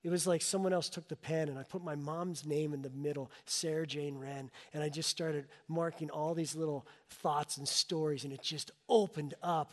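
A man's voice: a little high, steady tone, normal speed. A middle-aged male pastor preaching a sermon, telling a personal story with rising and falling emotional intensity. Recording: long reverb of a large hall.

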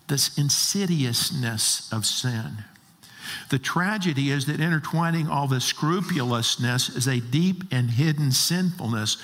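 A male pastor preaches an emphatic sermon packed with rhetorical questions, his mid-range voice a bit bright. The long reverb of a large hall surrounds him.

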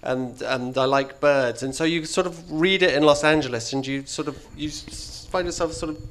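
A man's voice: fairly high pitch, moderate pace, fairly bright tone. A man with an English accent, a guest on a live panel, talking in a rambling, self-interrupting way. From England.

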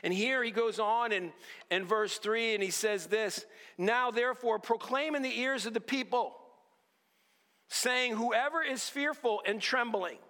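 A man preaching an earnest sermon, often dropping to a low hush on key lines. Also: in a large hall. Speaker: pastor.

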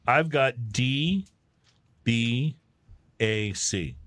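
A man in his sixties hosting a casual beer-tasting chat show, relaxed and quick to laugh. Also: mid-range voice, dry recording. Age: 60s. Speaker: podcast host.

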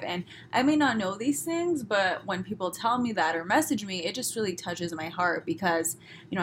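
A woman from Los Angeles with a Southern California accent, hosting her own podcast in a chatty, upbeat solo talk. She talks fast and pronounces her words crisply. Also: on the low side, fairly bright tone, a little hiss or hum. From Los Angeles, USA. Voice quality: fast-talking, crisp pronunciation. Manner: chatty, upbeat, many fillers. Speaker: podcast host. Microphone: podcast microphone.

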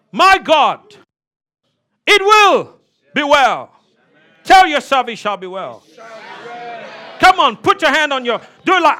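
High, bright-voiced preaching pastor. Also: male voice, sing-song, takes it slowly, pauses often, a faint crowd. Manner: shouting, repetitive declarations to a congregation; drops to soft, low storytelling passages. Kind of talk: sermon.

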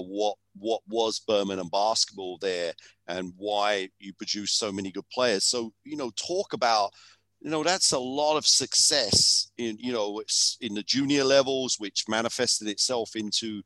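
A man's voice: lowish voice, measured pace, bright, forceful tone, no echo. A man interviewing a guest, asking long questions full of fillers. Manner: hesitant, filler-heavy questions.

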